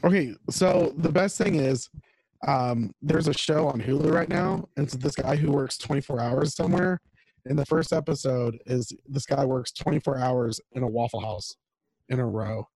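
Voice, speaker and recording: Talking through a home mic on a video call, a podcast co-host wanders casually between food and guitar gear. He speaks at medium pitch and a moderate pace, with vocal fry and a slightly mellow sound, in a rough recording with no room sound.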